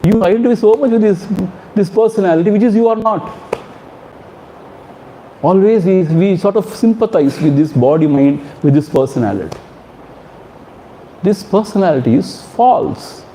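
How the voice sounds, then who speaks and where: A man gives a spiritual talk, his voice slightly high yet warm and soft-edged. He chants Sanskrit verses slowly before unpacking them in a patient, fatherly manner. A faint ambient hum sits under the recording. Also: animated, poor audio. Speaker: spiritual teacher. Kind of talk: scripture commentary talk.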